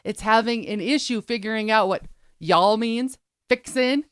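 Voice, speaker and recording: A woman's voice: a little high, a little slow, clean tone, no room sound, clean studio sound. A woman co-hosting a show, chatting casually about news stories. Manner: chatty, storytelling, laughs easily. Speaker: co-host.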